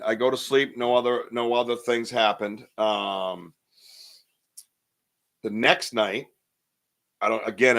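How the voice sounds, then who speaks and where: A man's voice: mid-range voice, fairly bright tone. A man in his fifties hosting a podcast, telling a personal story in a casual way and acting out what people said. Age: 50s. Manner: vivid storyteller who acts out what people said. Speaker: podcast host.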